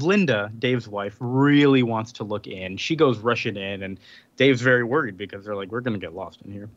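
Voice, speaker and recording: A man's voice: mid-range voice, a bit bright, dry recording. Rambling man recapping comics, lo-fi dry sound. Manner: rambling, filler-heavy retelling with acted-out quotes. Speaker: podcast co-host. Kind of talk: casual chat recapping a comic.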